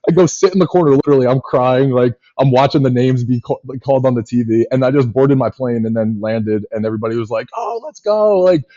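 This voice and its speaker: A man in his thirties, a former pitcher and podcast guest, telling long stories quickly with many fillers. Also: no room sound. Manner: rapid, animated storyteller with many fillers. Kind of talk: casual storytelling chat. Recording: dull lo-fi podcast audio.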